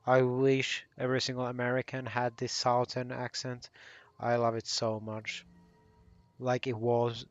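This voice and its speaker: A man's voice: medium pitch, no echo, muffled recording. A man casually commenting while playing a video game, rambling and often correcting himself. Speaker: gaming channel host. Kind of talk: casual let's play commentary.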